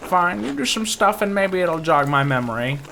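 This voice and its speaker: A man's voice: high-pitched, animated, normal speed, vocal fry, bright, forceful tone, a little hiss or hum, pitched above the performer's own voice, heavily acted. A man voicing a bitter, spiteful old peasant woman while reading game dialogue aloud, scornful and snarling. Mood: grumbling.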